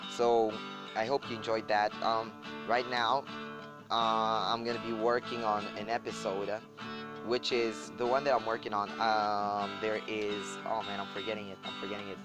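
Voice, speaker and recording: A man hosting a podcast who preaches in a slow, emphatic way with repeated questions and also chats casually with his listeners. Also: on the low side, flat delivery, poor audio. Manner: casual and rambling when speaking plainly. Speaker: podcast host. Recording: clear guitar music under the voice. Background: guitar music.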